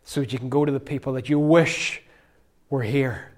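A man preaching a sermon, swinging from loud, emphatic phrases to near-whispers and lingering on single words. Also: mid-range voice, fairly even intonation, moderate pace.

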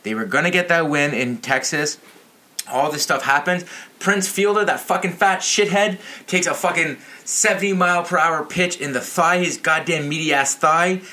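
A man's voice: a little high, normal speed, sharp tone. A man ranting about sports to his channel's viewers, outraged, profane and a little tipsy.

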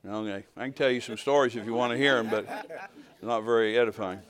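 An older man preaching a sermon, telling personal stories in an animated way and acting out the dialogue. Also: mid-range voice, fast talker. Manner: animated storytelling, acts out dialogue, swells to shouting at climaxes.

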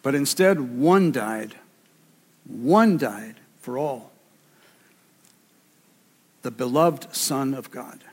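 A man's voice: mid-range voice, animated, extremely slow, long pauses, breathy edge. A man preaching a sermon with emphasis, repeating key phrases for weight. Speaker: pastor. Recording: reverberant hall.

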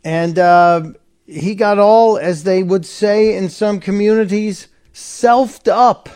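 Opinionated talk radio host, fairly high voice. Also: male voice, fairly even intonation, takes it slowly, darkish tone, smooth. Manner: sarcastic, opinionated, conversational. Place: radio studio.

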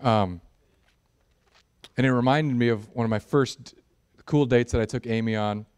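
A man preaching a sermon, animated and jokey, building in intensity at times. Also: mid-range voice, a little slow, smooth. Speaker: pastor.

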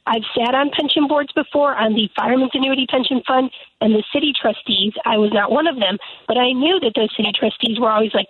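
A woman lawmaker, calling in as a guest on a radio interview, speaks emphatically and with indignation. Her husky voice is a little high and a little fast. The telephone line sounds tinny and dry, with no room sound.

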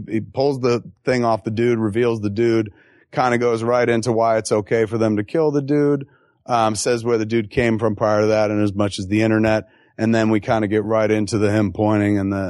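A man's voice: fairly low pitch, normal speed, no echo, studio quality. A middle-aged man, a film director, talking casually in an interview and telling stories with acted-out quotes and frequent swearing. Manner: animated, profane storyteller who acts out quotes.

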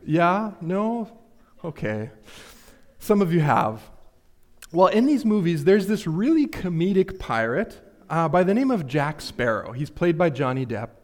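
A man's voice: on the high side, sing-song, unhurried. A man preaching a sermon, earnest and questioning, speaking straight to his listeners. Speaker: pastor.

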